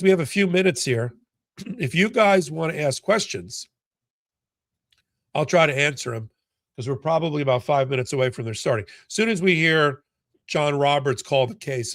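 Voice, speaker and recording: A male host chats casually through a live stream, reading out viewer comments. His voice has a gravelly texture at a middle pitch. The sound is close and dry. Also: a bit bright, dry recording. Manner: conversational, reads viewer comments aloud, many restarts.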